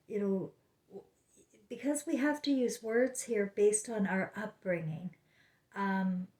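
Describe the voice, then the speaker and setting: Warm in tone and mid-range in pitch, a woman vlogs from her home living room about spiritual topics. She meanders through a casual monologue full of fillers and restarts, captured with a roomy echo.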